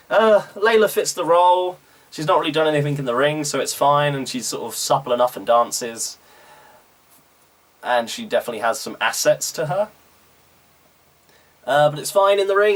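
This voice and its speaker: A young British man giving a casual, opinionated recap of a wrestling show, full of ums and uhs. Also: on the high side. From Britain. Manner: chatty, opinionated, with frequent "um" and "uh".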